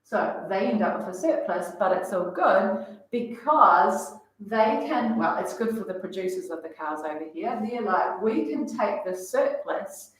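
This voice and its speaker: A woman's voice: mid-range voice, expressive, a little slow, hardly any pauses. A woman explaining economics to a class in a casual, chatty way, full of fillers. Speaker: economics teacher. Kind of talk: classroom lecture. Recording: echoey room, voice from far off.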